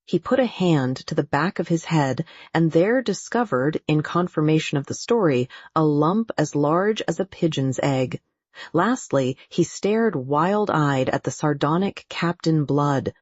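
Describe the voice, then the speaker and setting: Brief: classic-novel audiobook narrator, steady formal read, dull close dry recording. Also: medium pitch, measured pace, dry recording. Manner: even, formal storytelling. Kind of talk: scripted narration.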